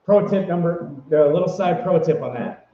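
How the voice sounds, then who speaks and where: A man rambles cheerfully through casual advice, stumbling over his words and circling back. His voice sits a little high for a man. The sound is roomy and echoey, with a dull, lo-fi tone. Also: normal speed. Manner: rambling, upbeat, many fillers and restarts. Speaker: vlogger giving convention tips.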